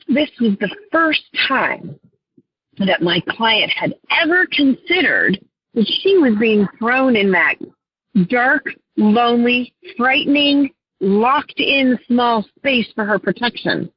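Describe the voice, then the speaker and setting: A woman coach with a husky, slightly high voice tells her clients' stories as a guest. She speaks earnestly and from the heart, now and then clearing her throat. The sound is dry, dull and lo-fi. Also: expressive, takes it slowly, no echo. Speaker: life coach. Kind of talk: guest storytelling in an interview.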